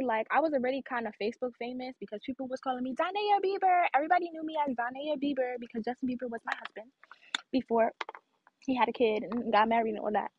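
A woman's voice: sits high, slightly rough, dry recording, lo-fi sound. A young woman, telling a personal story in a candid, emphatic motivational vlog. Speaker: vlogger.

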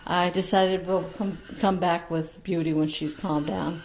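A woman who breeds parrots, talking casually at home to viewers and cooing to her baby birds in a sing-song voice with soft laughs. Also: fairly low pitch, steady tone, a little slow, slight background noise. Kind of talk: casual chat to camera and baby-talk to birds.

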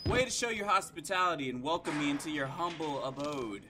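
A young man casually commenting while playing a horror game, joking and yelling in fright. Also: on the high side, animated, a little fast, noisy background. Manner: loud, jokey, yelps when scared. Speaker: gaming YouTuber.

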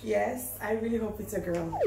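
A woman's voice: mid-range voice, moderate pace, creaky, distant mic, over music. A young woman chatting to camera in a casual vlog, giggly and emotional, laughing often. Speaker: vlogger. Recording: echoey room.

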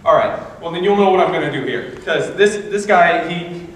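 A man's voice: on the high side, a little fast. A man performing a stand-up bit at a talent show, chatting and joking with the audience. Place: stage before a live audience. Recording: echoey hall, mic far off, audience noise.

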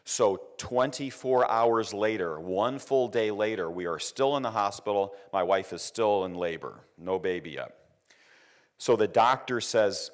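A middle-aged man with a fairly low voice gives an engineering lecture, speaking at a measured pace with lively intonation. He tells a personal story in an anecdotal way, repeating words and acting out quotes from others in a raised voice.

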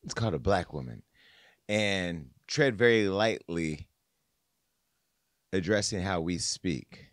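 A man's voice: sits low, expressive, slow pace, pauses often, fairly bright tone, dry recording. Sassy man hosting gossip talk, dry sound. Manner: sassy, playful, talks straight to the audience. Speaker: host. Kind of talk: casual commentary on celebrity news and politics.

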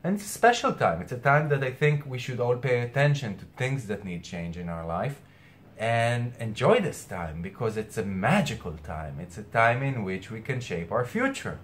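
A man's voice: medium pitch, very animated, moderate pace, a little hiss or hum. A man astrologer speaking earnestly to camera, hesitating and restarting often, with something caught in his throat. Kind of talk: weekly spiritual message to camera.

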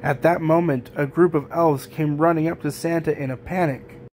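A man reading a children's picture book aloud in a gentle, even storytelling manner. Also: fairly high pitch, normal speed, a little hiss or hum. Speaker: storybook reader.

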